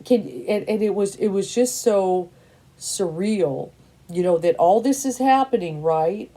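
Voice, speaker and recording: A tarot reader in her fifties talks at a measured pace in a mellow, medium-pitched voice. Her monologue is blunt and casual, emphatic and repetitive, and she keeps dropping in "you know" and "and stuff."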